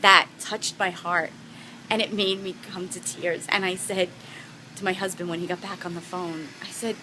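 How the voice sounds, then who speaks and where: A woman speaks straight to her viewers as a motivational speaker, sharing personal stories. Her voice is bright and forceful, and her delivery is earnest, heartfelt and encouraging. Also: on the low side, little pitch movement, moderate pace, a little hiss or hum, poor audio. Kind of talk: personal storytelling to camera.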